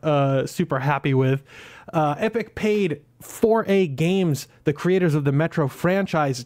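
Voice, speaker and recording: A man's voice: fairly high pitch, darkish tone. A man hosting his own gaming video, chatty and upbeat, laughing at himself. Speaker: gaming channel host. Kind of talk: casual video commentary.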